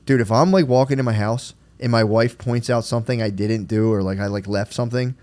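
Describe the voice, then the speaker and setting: A man's voice: medium pitch, steady tone, a little fast, a little mellow. Guy in his 30s rambling on a podcast, says dude every other word, swears a ton. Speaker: podcast co-host. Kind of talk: casual chat.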